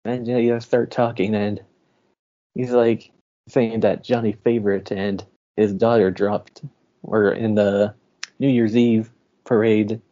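A man's voice: on the low side, fairly even intonation, a little slow, mellow, muffled recording. A man co-hosting a film podcast, casually recapping a plot with easy laughs. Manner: laid-back, laughing storyteller.

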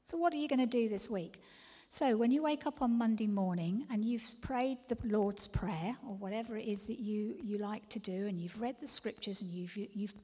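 A woman's voice: mid-range voice, moderate pace, darkish tone, husky. A woman preaching a sermon, earnest, often dropping to a whisper before emphatic declarations. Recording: long reverb of a large hall.

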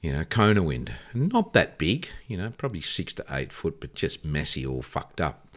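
An older man with an Australian accent and a very deep, low voice spins long, rambling anecdotes. He swears casually and keeps the tone loose and conversational, like a guest chatting in an interview. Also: sing-song, moderate pace. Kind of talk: casual storytelling.

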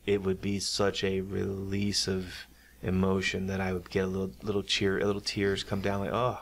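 A man's voice: sits low, moderate pace, gravelly. A man hosting a casual podcast, encouraging his guest and sharing his own running stories, often restarting his sentences. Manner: relaxed, encouraging, repeats words and restarts. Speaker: podcast host.

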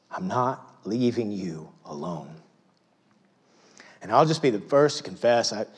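A middle-aged male pastor preaching a sermon in a church, dropping to near-whispers and rising to loud, emphatic pleas. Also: lowish voice, big pitch swings, normal speed, breathy edge. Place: church auditorium.

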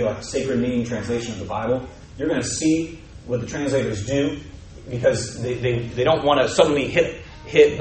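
A man's voice: medium pitch, echoey room. A man leading a Bible study, reading scripture aloud and then explaining it in a conversational way with many fillers. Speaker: teacher at a messianic fellowship.

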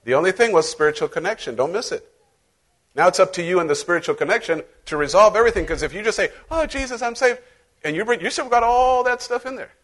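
A man's voice: sits high, expressive, quick pace, fairly bright tone. Playful, conversational man preaching. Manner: conversational, playful, acts out voices. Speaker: pastor. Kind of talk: sermon.

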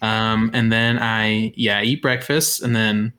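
A young man with a bright, forward voice chats on a podcast with friends. He rambles through his day with fillers and small laughs, in an easy, unhurried way. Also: on the low side, level tone. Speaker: podcast co-host. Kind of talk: casual chat.

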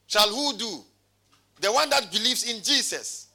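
A man preaching a sermon in a high, ringing voice with a very bright, sharp edge. He calls out to his congregation and reads scripture aloud. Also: animated, moderate pace. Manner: preaching with call-and-response. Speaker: pastor.

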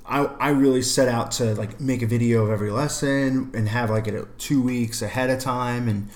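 A young adult man, a middle school math teacher, chatting casually with a relaxed storytelling manner. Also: mid-range voice, moderate pace. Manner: relaxed storytelling, many fillers. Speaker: math teacher and podcast co-host. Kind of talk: casual chat.

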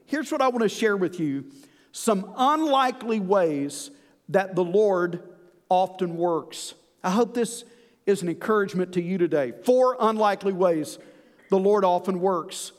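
High-voiced male preacher in a reverberant hall. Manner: earnest preaching, slows down to stress key lines. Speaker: pastor. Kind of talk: sermon.

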